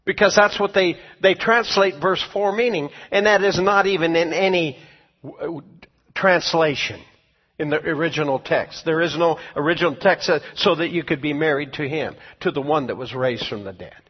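A man preaching a sermon as pastor and teacher, speaking emphatically and swinging between quiet and loud passages. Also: a little high, normal speed, husky. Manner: emphatic preaching, rising and falling in volume. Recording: dull lo-fi sound with long hall reverb.

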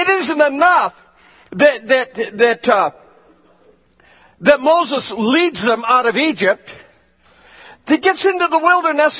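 Male pastor, emphatic storytelling sermon, high husky voice, unhurried, muffled recording. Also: expressive, long reverb tail.

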